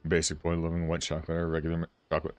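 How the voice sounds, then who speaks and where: A man's voice: rumbling low, completely flat delivery, racing, a little mellow, no room sound, soft background music. A man streaming a game, chatting casually and rambling with his viewers. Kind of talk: casual livestream chat.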